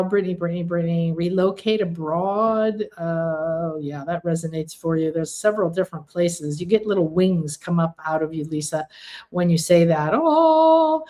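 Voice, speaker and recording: A woman's voice: lowish voice, a little mellow. A woman hosting a live stream of spiritual readings. She speaks earnestly and emphatically, and repeats words for stress as she chats with her viewers.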